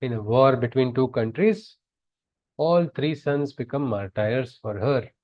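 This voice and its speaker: A man's voice: medium pitch, expressive, unhurried, muffled recording. A man chanting scripture verses and explaining them in an earnest teaching discourse over a video call. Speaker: spiritual teacher.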